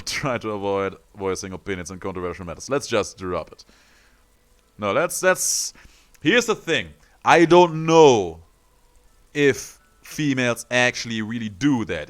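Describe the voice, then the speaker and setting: A gaming streamer with a low but fairly bright voice plays a video game, commenting casually and reading the on-screen text aloud. He sounds playful and amused and chuckles often.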